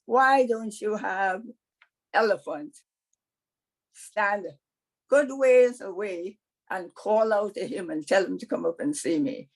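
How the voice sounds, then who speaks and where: A woman voicing the Lord in a folktale, folksy and matter-of-fact, speaking slowly. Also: mid-range voice, poor audio. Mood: firm. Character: easygoing, firm male Lord figure.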